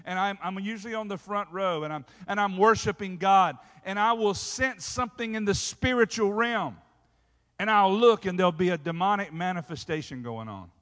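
Male pastor, high voice, preaching with lots of call-and-response, sound ringing through a reverberant church. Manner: preaching with call-and-response asides, rising to loud shouts. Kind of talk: sermon. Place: church sanctuary. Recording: hall reverb.

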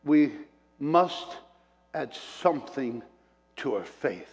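A man's voice: medium pitch, sing-song, slow. A man preaching a sermon, telling personal stories, chuckling between points and acting out what people said. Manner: storytelling, chuckles between points, acts out quotes. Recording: long hall reverb.

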